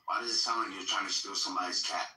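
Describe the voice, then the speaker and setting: A man's voice: low-pitched, steady tone, fast, bright, forceful tone, roomy sound, distant mic. A man from Africa in casual, teasing banter with friends. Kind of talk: casual chat.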